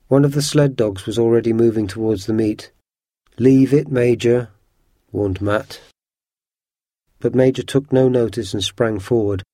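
A man reading a children's adventure story aloud in a steady, measured way. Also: fairly low pitch, no echo, studio quality. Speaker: narrator.

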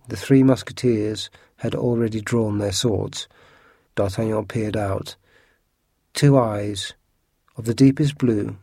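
A man narrates a storybook with expressive, shifting delivery. His voice is dark and slightly husky, recorded close in a dry, dead space. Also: fairly low pitch, no room sound. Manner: expressive, lively reading. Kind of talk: storybook reading.

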